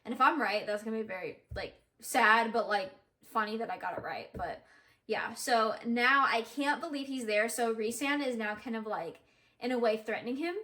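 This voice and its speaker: A woman's voice: a little high, a bit bright. A young woman vlogger chatting casually about a book she is listening to, rambling with lots of fillers and self-corrections. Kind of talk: casual reading vlog chat. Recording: background music under the voice.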